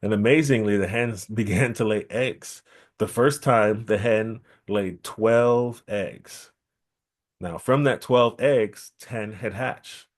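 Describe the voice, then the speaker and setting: Low-voiced male storyteller, repeating for emphasis. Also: takes it slowly. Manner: lively, repeats key phrases for emphasis. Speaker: storyteller at a temple gathering. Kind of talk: oral storytelling.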